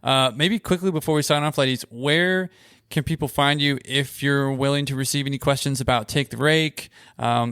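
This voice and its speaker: A man hosting a casual podcast interview, upbeat with quick interjections. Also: mid-range voice, creaky, fairly bright tone, smooth, no echo, studio quality. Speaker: podcast host.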